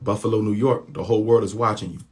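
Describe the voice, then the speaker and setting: A man's voice: lowish voice, fairly even intonation, fast talker, slightly rough. A man speaking in an impassioned monologue to his followers, using repetition and rhetorical questions in colloquial speech.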